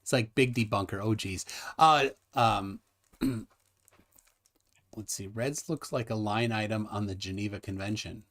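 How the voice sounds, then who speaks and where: A man hosting a casual live stream, joking and rambling with lively, laughing delivery. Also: lowish voice, a little slow. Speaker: livestream host. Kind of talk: casual livestream chat.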